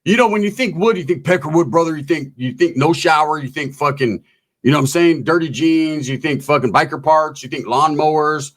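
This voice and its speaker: A man telling a profane, comedic story in an animated, swaggering way, full of slang. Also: a little high, fairly quick.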